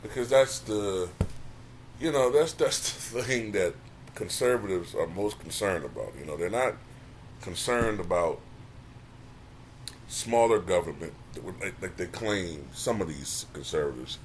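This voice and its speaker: A man hosts his own commentary channel in a casual, talkative way. His voice sits very low but swings widely in pitch, turning animated and exasperated at times. A faint hiss runs under the recording. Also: unhurried. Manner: animated, rising to exasperated near-shouting; says he can sound monotone at times. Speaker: channel host.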